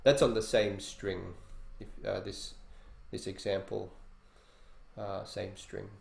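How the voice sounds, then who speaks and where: Slow, gravelly, and on the low side, this man's delivery is flat as he teaches an online guitar workshop. Between demonstrations he explains casually and thinks aloud, and the audio has a roomy echo with quiet guitar behind it.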